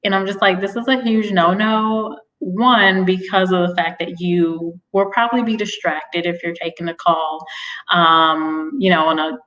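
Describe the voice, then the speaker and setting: A chatty woman talking casually on a live stream, laughing often and stopping to greet viewers. Her voice sits a little low for a woman. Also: fairly even intonation, normal speed, a bit bright, a little hiss or hum. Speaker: career vlogger discussing job interviews.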